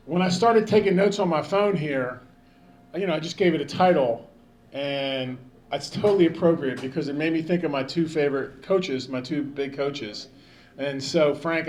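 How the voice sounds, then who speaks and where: A man in his fifties giving a rambling, joking banquet speech, calling out to people in the crowd. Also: on the high side. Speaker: banquet speaker.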